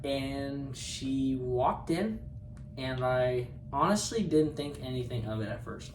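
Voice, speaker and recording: A young man in his twenties telling a story to camera in a casual, animated, self-mocking way, laughing often. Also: mid-range voice, slow pace, slight background noise. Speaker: co-host of a couple's channel. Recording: roomy sound, mic a bit far.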